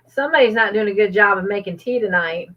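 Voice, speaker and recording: A woman's voice: mid-range voice, lo-fi sound. A woman hosting a livestream trivia game, cheerfully reading out viewers' comments and laughing often.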